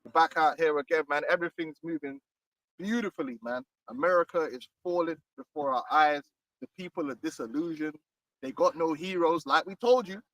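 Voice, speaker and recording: A man's voice: on the high side, brisk, a bit bright. A man preaching fiery and emphatic on a street outdoors, often tagging lines with "man", recorded from a distance.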